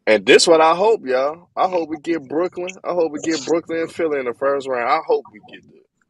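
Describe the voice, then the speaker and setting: A man's voice: a little high, very animated, a little fast, creaky, rough recording. Emphatic man in casual sports debate. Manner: emphatic, repeats points, slangy. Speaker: sports podcast co-host.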